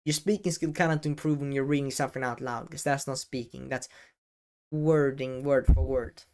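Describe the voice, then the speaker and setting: A man in a talking-head video addresses the camera at a middle pitch. He speaks deliberately, pausing often and leaning hard on important words. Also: fairly even intonation, a little mellow, clear, resonant tone. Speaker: educational video creator. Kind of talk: talking-head advice vlog. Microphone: camera-facing setup.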